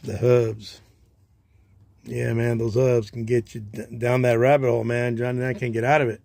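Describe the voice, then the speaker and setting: A man hosting a casual livestream, chatting in a relaxed way and talking to himself as he sorts baseball cards. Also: medium pitch, moderate pace, creaky, no room sound, clean studio sound. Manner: relaxed, chatty, talks to himself while sorting. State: tired, yawning. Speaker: livestream host, card collector. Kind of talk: casual livestream chat while sorting cards.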